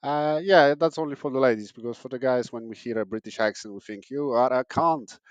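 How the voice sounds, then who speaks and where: A man's voice: mid-range voice, fast, dry recording, lo-fi sound. A young man from Poland, hosting a comedic podcast in a sarcastic, rambling way with many fillers and restarts. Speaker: podcast host. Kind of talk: casual comedic monologue.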